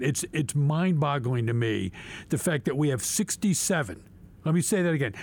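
A man's voice: mid-range voice, a little mellow. A man, a state representative, laying out bills in an emphatic policy discussion and repeating key words for stress. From Pennsylvania.

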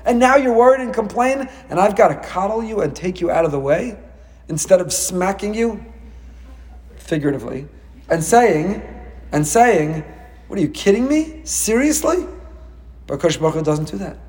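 A man teaching a Torah lecture as a rabbi, animated and acting out dialogue with sudden rises in pitch. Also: normal speed, long reverb tail.

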